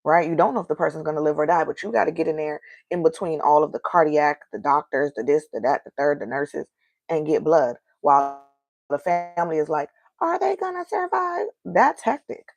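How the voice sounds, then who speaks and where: Candid venting woman with a gravelly voice. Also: sits low, a little fast, a little mellow, dry recording, dull audio. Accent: African American. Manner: candid, venting, rhetorical questions. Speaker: podcast host. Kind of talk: casual solo podcast monologue.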